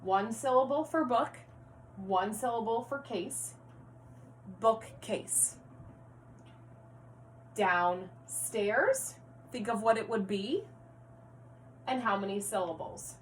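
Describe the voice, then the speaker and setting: A woman first-grade teacher leads a reading lesson at a slow, patient pace, spelling words out letter by letter. Her fairly high voice sounds set back from the microphone. A faint hum runs under it. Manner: slow, clear, encouraging classroom delivery, spelling words out letter by letter. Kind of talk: recorded reading lesson for young children. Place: home, near her rocking chair. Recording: distant mic with faint hum.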